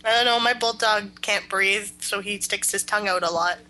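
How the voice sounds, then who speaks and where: A woman co-hosting a casual podcast, playful and chatty with quick asides. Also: medium pitch, fairly even intonation, sharp tone, poor audio. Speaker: podcast co-host.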